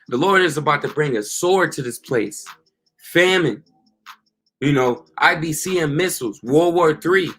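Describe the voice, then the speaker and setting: Slangy man preaching, a bit high. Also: fairly bright tone. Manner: casual slang, repeats "you know" and "okay". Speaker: street preacher. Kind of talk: informal preaching monologue.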